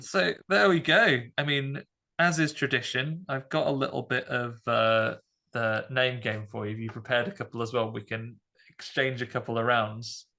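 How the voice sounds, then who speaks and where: A man hosting a podcast, chatting casually about a film in a rambling, animated way with many fillers. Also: medium pitch, normal speed, gravelly. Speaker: podcast host. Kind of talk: casual film review chat.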